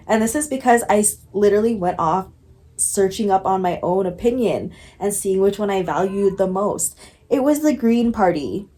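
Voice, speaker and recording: A woman's voice: medium pitch, warm tone. Candid young woman vlogging, laughing often. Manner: candid, laughs often, says "like" a lot, swears casually. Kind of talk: casual reflective vlog talk.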